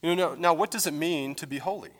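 A pastor teaching a conversational sermon in a church, explaining scripture with casual fillers. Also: male voice, fairly high pitch, fast, fairly bright tone, big-room sound. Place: church sanctuary.

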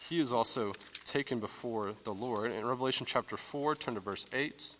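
Male pastor, casual explanatory sermon voice, mid pitch, echoing sanctuary. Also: normal speed, a bit bright, a little hiss or hum. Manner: conversational, explanatory, with fillers. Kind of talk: teaching sermon. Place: church sanctuary.

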